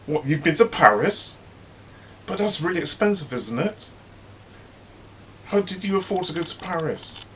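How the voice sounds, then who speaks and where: A man voicing a nosy, fake-sweet woman who gossips at the office, in a high sugary falsetto. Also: moderate pace, a little hiss or hum, natural voice. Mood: fake-sweet, prying. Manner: high sugary falsetto, drops to a whisper when bitching.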